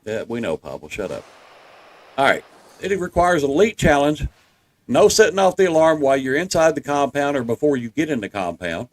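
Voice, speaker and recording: Folksy Southern man with a lively voice. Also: on the high side, a little fast. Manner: folksy and reassuring, addresses viewers as folks. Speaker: gameplay guide. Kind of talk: walkthrough commentary over gameplay.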